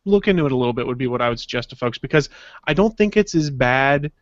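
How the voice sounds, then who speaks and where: A man co-hosting a podcast in casual chat, telling anecdotes in a relaxed way. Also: mid-range voice, quick pace, no echo, dull audio. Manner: relaxed storyteller, acts out quotes. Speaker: podcast co-host.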